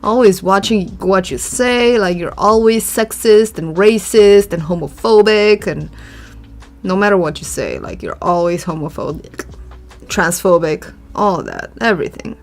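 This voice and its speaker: Drawing as she talks, a woman in a mid-range voice chats casually and muses aloud, her intonation lively and her pace a little slow. The opinionated art vlogger sighs now and then, and faint music plays behind her.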